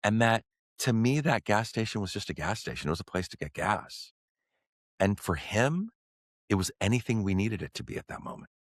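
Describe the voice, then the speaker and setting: A middle-aged man, a podcast guest, telling a personal story in an earnest, halting way with many fillers and restarts. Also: on the low side, big pitch swings, no echo.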